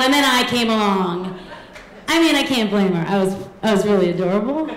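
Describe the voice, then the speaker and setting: High-voiced woman telling a comic story. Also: lively intonation, normal speed, roomy sound, background noise. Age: 30s. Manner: comic, self-deprecating, acts out quoted voices. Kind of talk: live personal storytelling.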